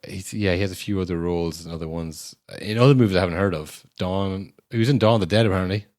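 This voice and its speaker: A man's voice: deep voice, fast talker, a little mellow, no room sound, studio quality. A man co-hosting a podcast, reviewing a film in casual chat, wry and rambling, swearing now and then. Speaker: podcast co-host.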